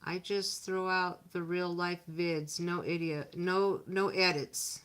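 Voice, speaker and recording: A woman's voice: fairly low pitch, fairly even intonation, slow, few pauses, a bit bright, clean tone. A woman hosting a casual livestream, chatting with viewers as she narrates her crafting at home. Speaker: livestream host.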